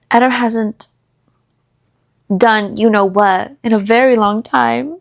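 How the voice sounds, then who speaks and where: A young woman chatting through a book review, retelling the plot in a gossipy, animated way with lots of fillers and quick asides. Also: medium pitch.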